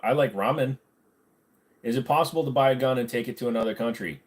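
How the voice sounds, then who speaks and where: A man's voice: medium pitch, fast talker. A man hosting a casual livestream, reading viewer comments aloud and answering them in a blunt, sarcastic way, swearing freely. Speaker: livestream host.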